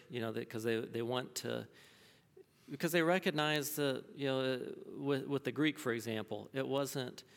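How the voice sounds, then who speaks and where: A man's voice: medium pitch, creaky, clean tone, long reverb tail. A man teaching a class, answering a student's question, thinking aloud with many restarts and fillers.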